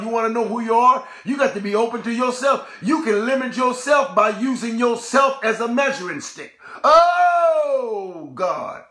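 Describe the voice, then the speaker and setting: A man preaches with fervour, his voice sitting very high and ringing bright. He drives his points home in repeated call-and-response phrases and bursts into shouts. The sound carries the echo of a reverberant room. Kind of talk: sermon.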